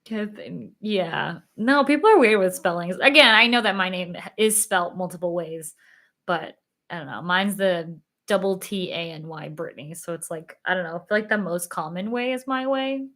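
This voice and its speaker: Young woman host, casual livestream chat, lower voice, giggly, filler-heavy, a bit tired. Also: moderate pace, a bit bright. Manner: chatty, giggly, lots of fillers. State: a little tired.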